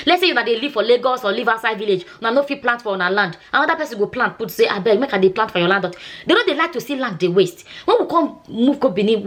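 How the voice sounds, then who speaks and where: Nigerian lady vlogging, talks fast, keeps asking you understand, kinda high voice. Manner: chatty, repeats herself, asks "you understand?". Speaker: nurse and vlogger. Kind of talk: casual storytelling vlog in Nigerian Pidgin.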